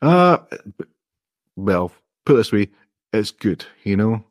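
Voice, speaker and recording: A man's voice: fairly low pitch, very animated, takes it slowly, no echo, clean studio sound. A man, an indie app developer, explaining his approach step by step in a friendly, modest way during a casual interview.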